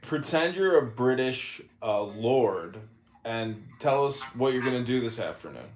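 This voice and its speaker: A man hosting a casual podcast chat, giving slow, deliberate directions. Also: mid-range voice, animated. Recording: echoey room, faint noise.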